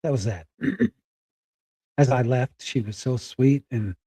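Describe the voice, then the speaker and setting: A middle-aged man telling a personal story candidly, halting and close to tears. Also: mid-range voice, mellow, breathy edge, dry recording. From Spokane, Washington. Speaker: guest.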